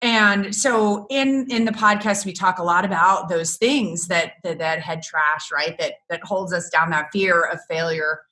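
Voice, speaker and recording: A middle-aged woman, a business coach, chatting in an interview and telling lively stories with frequent laughter. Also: fairly low pitch, unhurried, hardly any pauses. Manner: animated storyteller, laughs often. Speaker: guest, business coach for photographers. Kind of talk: casual interview chat.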